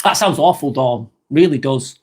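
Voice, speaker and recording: A man's voice: mid-range voice, expressive, normal speed, husky. A man hosting a live vlog, talking bluntly and expressively, swearing freely and reading out chat comments.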